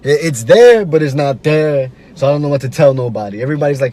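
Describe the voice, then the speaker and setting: A man's voice: a little high, animated, fast talker, hardly any pauses, mellow, slight background noise. A man hosting a podcast, telling a story in a loose, slangy, profane way. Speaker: podcast host. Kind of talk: casual storytelling.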